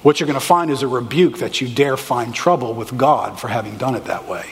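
A man preaching a sermon as a pastor, with animated, emphatic delivery and quick asides to the congregation. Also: medium pitch, long reverb tail, a little hiss or hum.

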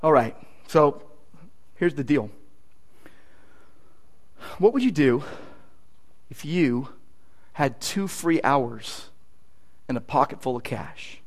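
A male pastor delivers a sermon in a high, lively voice that swings up and down freely. He preaches with emphasis and quick asides, often repeating a word as he presses his point.

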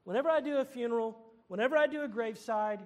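A man's voice: very high-pitched, fast, long reverb tail. A man preaching a sermon as pastor, earnest, often repeating and restarting his phrases.

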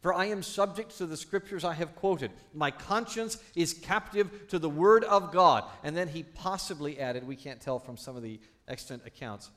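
A man, a pastor, preaching a sermon with animated, playful asides to the congregation. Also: on the high side, moderate pace, few pauses.

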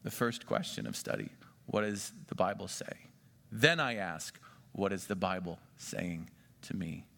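A man preaching a sermon, animated, swinging between loud excitement and quiet intensity. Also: low voice, measured pace, creaky. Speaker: pastor.

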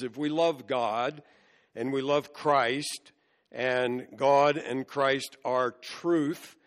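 Male pastor, mid-pitched, unhurried, teaching sermon with long church reverb. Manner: measured, explains scripture verse by verse. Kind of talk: expository sermon.

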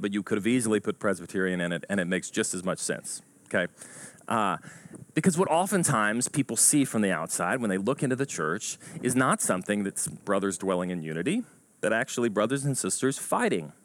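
A man's voice: lowish voice, fairly quick, rough recording. A man preaching a sermon, telling stories and acting out a joke in rising voices. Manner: animated storytelling, acts out a joke in rising voices. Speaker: pastor.

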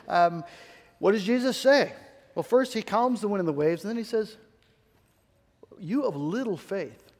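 A man's voice: sits high, long reverb tail. A male pastor preaching a sermon in an earnest way, often repeating key phrases and restarting his sentences.

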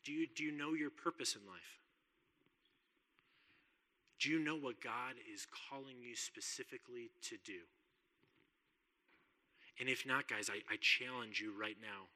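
A man's voice: mid-range voice, normal speed, long pauses, pushed and bright, big-room sound. A man preaching a sermon in an earnest, conversational way, often repeating words as he makes a point.

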